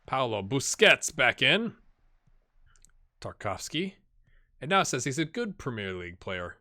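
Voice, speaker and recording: A man's voice: mid-range voice, sing-song, measured pace, bright, forceful tone. A man playing a football manager game, chatting casually to viewers and cheering or mumbling at the match as it plays. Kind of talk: casual let's-play commentary. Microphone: headset with earbuds.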